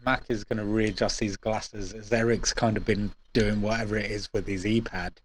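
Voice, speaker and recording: A man's voice: fairly low pitch, level tone, normal speed, husky. A man taking part as a player in a tabletop role-playing game, hesitant and often laughing. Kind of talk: casual role-play chat.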